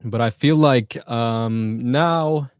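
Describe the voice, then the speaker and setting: A man's voice: mid-range voice, drawn-out words, smooth, dry recording, studio quality. Joking, chatty man livestreaming. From United States. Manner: joking, chatty, reading out viewer comments. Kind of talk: casual livestream chat.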